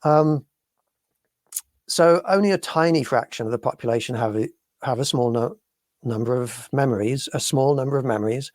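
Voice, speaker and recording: A male co-host talks through a live stream, choosing his words slowly and filling the gaps with ums and restarts. His voice sits in an ordinary middle pitch. The sound is dry and close, with no room around it. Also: a little mellow, dry recording. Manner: deliberate, hesitant with many fillers. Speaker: podcast co-host.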